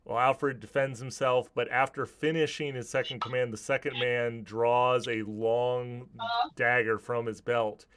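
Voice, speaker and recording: A man's voice: medium pitch, level tone, measured pace, hardly any pauses, a bit bright, clear, resonant tone. A man narrating a tabletop game as game master, describing scenes vividly with some restarts.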